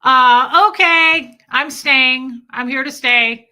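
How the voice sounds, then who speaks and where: A woman's voice: sits high, slow pace, pushed and bright, clean tone. A woman in her forties chatting casually and crudely with viewers on a live stream, telling candid stories about herself. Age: 40s.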